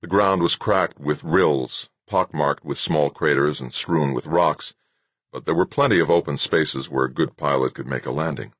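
Very deep, husky male audiobook narrator. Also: normal speed, fairly bright tone, no echo.

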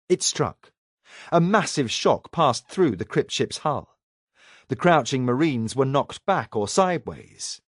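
A man reading science fiction narration aloud in a dramatic, expressive way. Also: medium pitch, no room sound, clean studio sound. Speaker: audiobook narrator. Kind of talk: scripted narration.

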